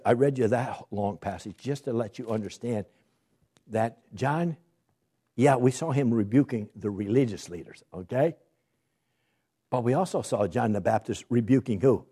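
A man delivers a sermon, reading scripture aloud and then explaining it in a conversational way. His voice is mellow and husky. He keeps putting questions to his listeners as he teaches. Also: medium pitch. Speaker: preacher.

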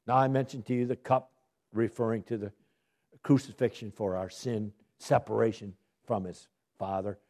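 A man with a lowish voice, speaking at normal speed, teaches a Bible study in sermon style. He's lively, poses questions to his listeners and answers them himself, his voice rising to stress key words.

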